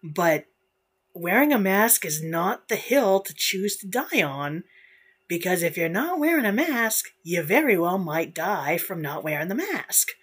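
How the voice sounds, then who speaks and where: A woman's voice: fairly low pitch, very animated, measured pace, breathy edge. A young woman hosting a casual solo podcast, ranting bluntly with lots of swearing and frequent laughter. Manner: profane, blunt, laughs often. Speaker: podcast host.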